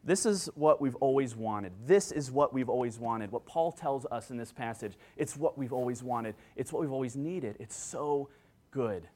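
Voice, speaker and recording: A pastor, an adult with children, preaches a sermon into a handheld microphone, earnest and excitable as he acts out joyful quotes. He speaks at normal speed with a medium-pitched voice.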